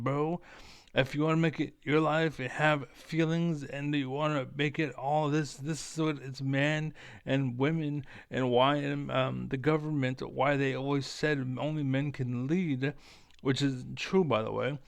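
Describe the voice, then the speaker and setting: A man's voice: on the high side, fairly even intonation, a little slow, gravelly, clear, resonant tone, no room sound. A man streaming, ranting in a profane, heated and blunt way as a former competitive gamer. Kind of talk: ranting livestream monologue.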